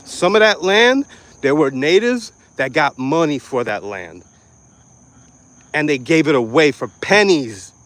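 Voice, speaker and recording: A man's voice: a little high, big pitch swings, unhurried, a bit bright, no echo. Blunt, profane New York man ranting. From New York City. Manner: profane, aggressive, blunt street slang. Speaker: online commentator. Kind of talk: ranting commentary.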